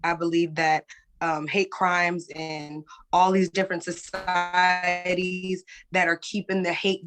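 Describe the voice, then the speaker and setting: A woman's voice: lowish voice, fairly bright tone. A woman speaking as a guest in a candid conversation, earnest and emphatic, often checking in with "right?". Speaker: guest, musician.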